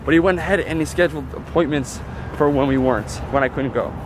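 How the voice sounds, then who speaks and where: A man's voice: a little high, quick pace. A man vlogging from his car, ranting in an aggravated way about a dispute. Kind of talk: ranting vlog while driving. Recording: noisy street traffic behind.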